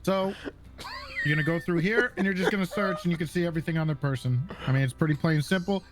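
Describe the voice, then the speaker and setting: A man's voice: on the high side, fast, music in the background. A man instructing police recruits in a roleplay game, talking casually and checking in with "okay" and "right" after each point.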